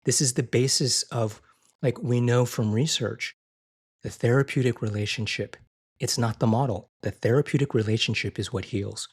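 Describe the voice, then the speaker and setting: An earnest man speaks in a conversational podcast interview, often repeating himself and restarting phrases. His pitch sits in the middle of the male range. When he quotes gentle, loving words, his voice rises higher and softer. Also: moderate pace, breathy edge. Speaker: guest, physician and IFS therapist.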